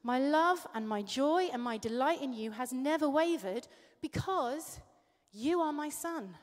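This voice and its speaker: A man's voice: very high voice, lively intonation, unhurried. Woman speaking as a tender pleading father. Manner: gentle, earnest pleading. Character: loving father pleading with his son. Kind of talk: sermon. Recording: echoey hall.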